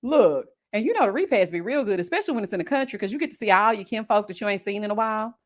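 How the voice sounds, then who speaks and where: A woman, a reality-show reviewer chatting casually with her live viewers, expressive and full of slang, calling them girl and honey. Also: mid-range voice, very fast.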